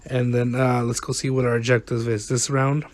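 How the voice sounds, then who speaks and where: A man's voice: medium pitch, little pitch movement, moderate pace, dry recording. A man giving rambling, exasperated, self-mocking commentary over a game. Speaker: gaming vlogger. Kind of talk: casual gameplay commentary. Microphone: close desk mic, no camera.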